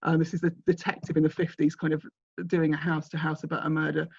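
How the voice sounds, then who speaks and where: A woman's voice: low-pitched, little pitch movement, fast, a little mellow, husky, dry recording. A woman in her forties presents her books in a rambling, self-deprecating way and keeps restarting her sentences. The video call audio is dull and muffled, with no room sound at all. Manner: chatty, self-deprecating, many restarts and fillers. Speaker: graphic novelist presenting her work. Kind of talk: informal talk with slides.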